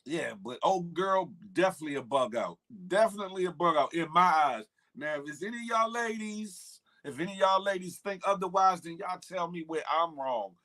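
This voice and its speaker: A man's voice: high-pitched, lively intonation, a little fast, hardly any pauses, pushed and bright. A man hosting a morning live stream, chatting loosely in slang, greeting viewers by name and riffing on internet gossip. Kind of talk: casual live-stream chat.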